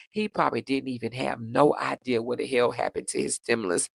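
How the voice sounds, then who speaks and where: A woman hosting a casual livestream, reading viewer comments aloud in a sassy, animated way, laughing often and jumping up in pitch for emphasis. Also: fairly quick, vocal fry, breathy edge, no echo, studio quality. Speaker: livestream host.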